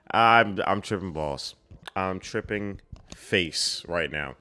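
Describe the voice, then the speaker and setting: A young man hosting a film reaction, talking casually with loud, excitable outbursts and frequent laughter. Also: low-pitched, slow.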